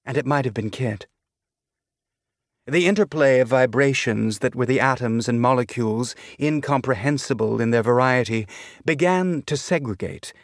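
A man reading a novel aloud as an audiobook narrator, with a measured, deliberate delivery. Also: medium pitch, no echo, studio quality. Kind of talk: scripted narration.

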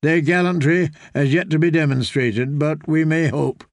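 A man playing a sly, smooth-talking middle-aged lord who speaks with a knowing, silky manner. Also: a little high, steady tone, moderate pace, no echo, clean studio sound, lightly acted.

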